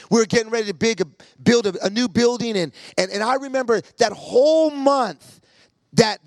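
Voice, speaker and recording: Preacher, man, fairly high gravelly voice, lively comic storytelling, dry close sound. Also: no room sound. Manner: animated, acts out every voice in his stories.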